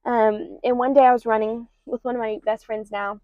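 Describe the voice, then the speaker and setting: A woman's voice: fairly high pitch, flat delivery, normal speed, no echo. A young adult woman hosting a podcast, speaking candidly about her own life in rambling, casual talk full of ums and likes. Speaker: podcast host. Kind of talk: personal confessional podcast talk. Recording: slightly dull lo-fi recording.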